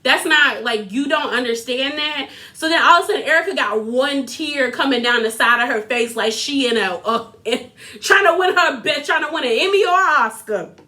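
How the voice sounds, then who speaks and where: A young woman giving a casual, animated recap of a reality TV episode, sassy and quick to laugh. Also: high voice. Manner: animated, sassy, laughs often, quotes others in put-on voices.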